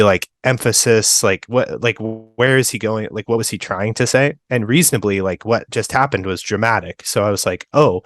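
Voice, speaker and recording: A young man co-hosting a book podcast, talking in a relaxed, rambling way with lots of fillers. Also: on the low side, dry recording, studio quality. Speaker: podcast co-host. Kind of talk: casual book discussion.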